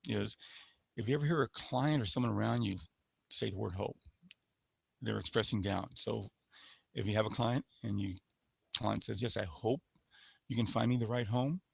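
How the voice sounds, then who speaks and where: A man's voice: fairly low pitch, gravelly, breathy edge, no room sound. A man presenting a sales-skills webinar in a coaching manner, showing voice patterns with sample phrases. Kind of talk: instructional webinar talk.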